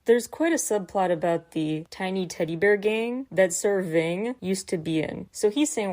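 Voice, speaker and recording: A woman's voice: medium pitch, normal speed, few pauses. A woman hosting a podcast, recapping a mystery episode in a chatty way with wry asides. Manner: chatty, wry asides, quotes lines in animated voices. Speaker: podcast host. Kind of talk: recapping a K-pop variety episode.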